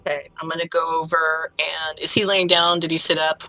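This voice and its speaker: A woman's voice: low-pitched, little pitch movement, fairly quick, bright, forceful tone, rough recording. A woman playing in a tabletop game, asking eager, inquisitive questions. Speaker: player. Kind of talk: casual tabletop play.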